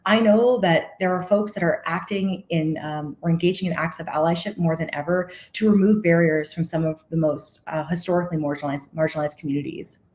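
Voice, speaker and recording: A woman's voice: fairly low pitch, steady tone, brisk, few pauses, darkish tone. A woman giving a conference keynote in an earnest, impassioned way, correcting herself now and then and close to tears at times. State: emotional, near tears. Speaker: keynote speaker.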